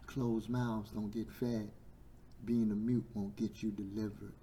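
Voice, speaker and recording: Hoarse preacher guy, aave, slow drawn-out delivery that climbs to yelling. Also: lowish voice, level tone, a little hiss or hum. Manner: builds to shouting, stretches words, sore throat. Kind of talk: sermon.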